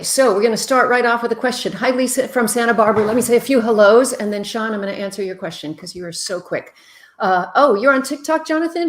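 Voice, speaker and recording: Chatty woman hosting a live advice stream. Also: a little high. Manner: chatty, reads out viewer comments and answers bluntly. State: tired after a long day. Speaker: relationship expert host. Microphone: webcam mic, moves toward and away from it.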